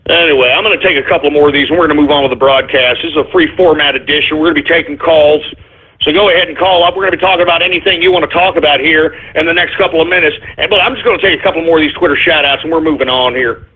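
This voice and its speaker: Foul-mouthed male call-in host, husky and shouty, phone-quality audio. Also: fairly high pitch, racing. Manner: angry, profane ranting with sudden shouts. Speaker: radio show host. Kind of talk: call-in radio rant. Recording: phone-like narrow sound.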